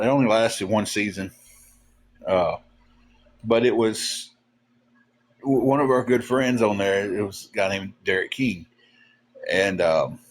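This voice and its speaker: A man hosting a livestream, telling stories in a rambling, halting way with lots of fillers. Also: lowish voice. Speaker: livestream host. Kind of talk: casual storytelling chat.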